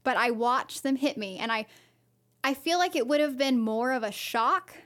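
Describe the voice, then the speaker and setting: On a podcast, a female co-host with a somewhat high, fairly bright voice tells a personal story at a moderate pace with lively intonation. Her telling rambles and loops back, full of fillers and restarted sentences.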